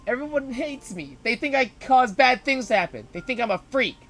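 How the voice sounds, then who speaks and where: A man reading aloud, voicing an outcast young girl who speaks low and hopeless. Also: expressive, normal speed, fairly bright tone, heavily acted. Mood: despairing. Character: outcast young girl, despairing and self-loathing.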